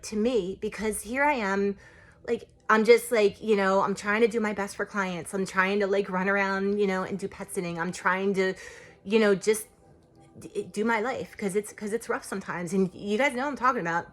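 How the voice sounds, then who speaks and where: A woman's voice: mid-range voice, steady tone, normal speed. Witchy woman vlogging, rambly and emotional, lots of "like" and "you know". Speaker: witch and spiritual practitioner. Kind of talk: casual spiritual vlog talk.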